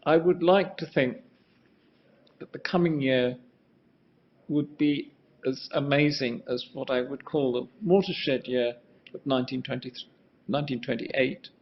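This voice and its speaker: A man's voice: mid-range voice, steady tone, measured pace, pauses often. An older man giving a rambling, musing lecture on architecture, often restarting his sentences and asking for the next slide. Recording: muffled lo-fi sound.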